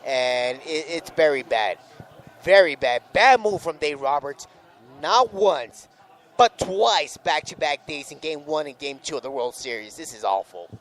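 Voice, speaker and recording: A man's voice: on the high side, expressive, a little slow, a bit bright. A man co-hosting a live sports radio show, commenting on the game and repeating himself emphatically when upset.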